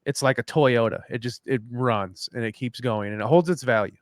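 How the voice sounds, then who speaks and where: A man's voice: mid-range voice, moderate pace, dry recording, clean studio sound. A man co-hosting a live podcast, chatting loosely and rambling, swearing casually. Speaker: podcast co-host. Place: at home after dinner.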